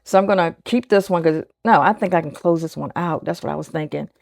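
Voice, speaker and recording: A woman's voice: sits low, fast, gravelly, darkish tone, dry recording, clean studio sound. A woman in her sixties chatting casually on her budgeting vlog, thinking aloud and counting bills under her breath as she sorts cash. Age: 60s. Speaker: budgeting vlogger. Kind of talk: casual chat while cash stuffing.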